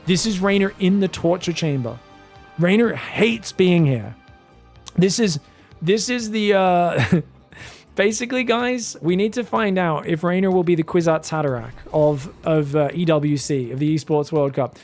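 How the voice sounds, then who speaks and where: A man casting a strategy game match, with fast play-by-play and sudden shouted outbursts at big plays. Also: high voice, animated, soft background music. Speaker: esports caster. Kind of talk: excitable live game commentary.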